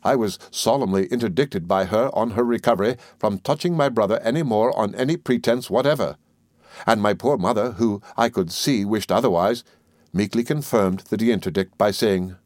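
Brief: male narrator, lowish voice, measured storytelling, dry close sound. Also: darkish tone, dry recording. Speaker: audiobook narrator. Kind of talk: scripted narration.

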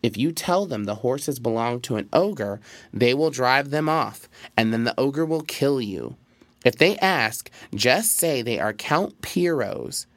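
A man's voice: medium pitch, big pitch swings, a little slow, dry recording. A man voicing a sly, clever male fox who schemes with urgent, persuasive words. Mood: urgent scheming.

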